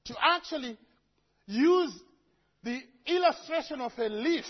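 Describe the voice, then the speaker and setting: High-voiced husky man from Africa, preaching. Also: slow pace, long pauses, dull audio. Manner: lively storytelling with humorous asides. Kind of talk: sermon. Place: church before a congregation.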